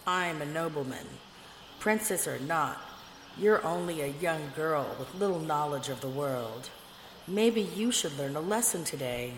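A woman reading a storybook, voicing a coarse older nobleman who flatters and schemes in a pompous manner. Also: low voice, unhurried. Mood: threatening. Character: coarse older nobleman, fawning then menacing. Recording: echoey room with long reverb, faint noise.

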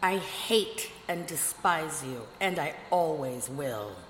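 A woman's voice: sits low, expressive, slow. A woman reading a storybook, voicing a proud young princess who speaks in a haughty, indignant way. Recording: echoey room with long reverb, faint noise.

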